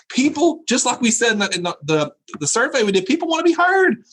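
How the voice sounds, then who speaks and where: Animated man giving a keynote. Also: very high-pitched, fast, poor audio. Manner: laughs often at his own jokes, repeats phrases for emphasis. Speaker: keynote speaker. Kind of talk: humorous keynote speech.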